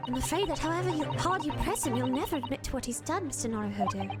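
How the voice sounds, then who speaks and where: A woman's voice: high voice, expressive, fast talker. A woman voicing a polite, earnest young female assistant. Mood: worried. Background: loud game music.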